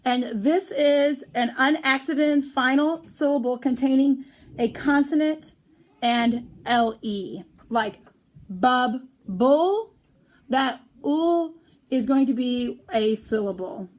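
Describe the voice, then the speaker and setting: A woman teaching a phonics lesson on syllable types, speaking clearly and drawing out the example words slowly. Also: high-pitched, darkish tone.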